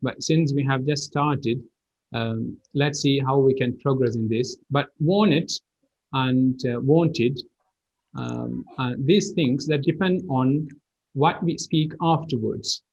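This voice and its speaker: A man's voice: medium pitch, steady tone, a little slow, creaky, a little mellow, dull audio. A man teaching English pronunciation in an online class, explaining with repeated example phrases.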